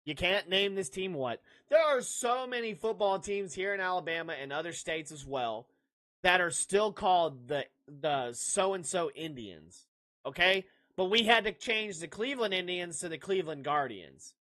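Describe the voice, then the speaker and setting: His voice is high-pitched, pushed, and bright as he hosts a sports podcast streamed live. Brash and ranting, he fires dismissive outbursts at his chat, cracks jokes, and laughs at what he says.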